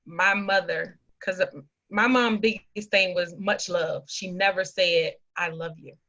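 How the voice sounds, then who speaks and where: Woman podcast guest, earnest emotional storyteller, bright voice, muffled lo-fi sound. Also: mid-range voice, fairly even intonation, takes it slowly. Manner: earnest, emotional, quotes family members. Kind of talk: personal storytelling. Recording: dull lo-fi audio.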